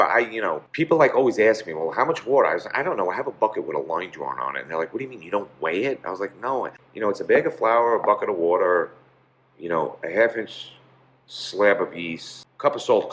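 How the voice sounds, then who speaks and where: Low-voiced man telling a rambling story. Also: a bit bright. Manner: rambling, many "you know" fillers. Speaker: pizzeria owner, guest. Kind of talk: casual storytelling interview.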